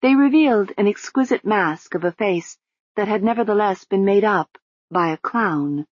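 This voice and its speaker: A woman narrating an audiobook in an even, measured reading. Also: mid-range voice, no echo, highs cut off.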